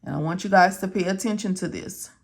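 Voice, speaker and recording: Speaking fast in a mid-range voice with vocal fry, a woman walks her students through medical coding notes one step at a time. It's a casual tutorial, punctuated by frequent "okay?" and "all right?" check-ins.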